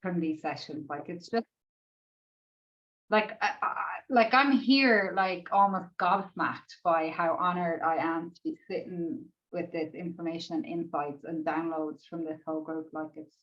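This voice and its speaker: Her voice sits on the low side and moves unhurriedly through lo-fi audio as she pours her heart out to a group coaching call. Nearly crying, she gushes and wanders off track, leaning heavily on "like" and dropping the odd curse.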